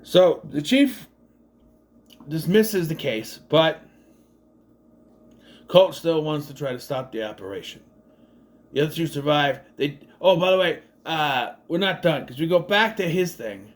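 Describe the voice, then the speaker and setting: A man's voice: on the high side, lively intonation, a little slow, pauses often. A man giving a casual, rambling movie recap, laughing at the gags and acting out quoted lines. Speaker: movie reviewer.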